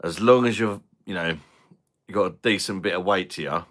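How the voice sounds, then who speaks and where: A man's voice: sits low, brisk, a bit bright. A man hosting a live stream, chatting casually with viewers and trading crude jokes with a lot of laughter. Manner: crude joking banter, laughs often.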